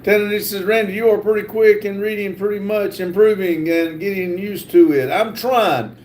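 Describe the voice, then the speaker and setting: A middle-aged man hosting a livestream, reading viewer comments aloud haltingly and stumbling over words. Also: high voice, darkish tone, slight background noise. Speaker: livestream host reading chat. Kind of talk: casual live chat reading.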